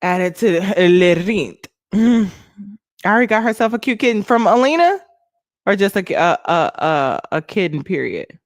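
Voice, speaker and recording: A young woman hosts a casual livestream, laughing and thanking viewers by name. Her voice jumps up and down in pitch with lots of expression. The sound is dry and close to the mic. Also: big pitch swings, moderate pace, no room sound. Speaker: livestream host.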